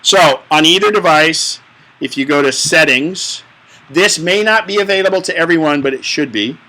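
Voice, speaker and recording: A man's voice: a little high, normal speed, pushed and bright, rough recording. A man teaching a live tech class, explaining step by step in a chatty, joking way. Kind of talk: hands-on tech class instruction.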